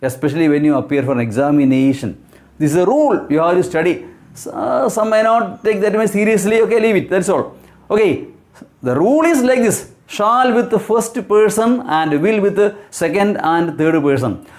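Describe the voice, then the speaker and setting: High-voiced man teaching grammar. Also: expressive, moderate pace, a little mellow. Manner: repetitive, rhetorical questions, many fillers. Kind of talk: explaining grammar lesson.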